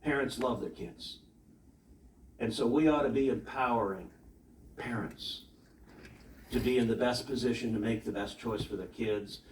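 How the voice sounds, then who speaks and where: A man's voice: mid-range voice, normal speed, long pauses. A man, a senator, giving an emphatic public keynote speech with rhetorical questions and anecdotes, heard in a large hall. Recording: echoey hall, voice from far off, faint noise.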